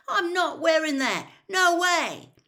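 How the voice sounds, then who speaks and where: A woman voicing a stubborn teenage boy who protests loudly in a high, outraged voice. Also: sing-song, a little slow.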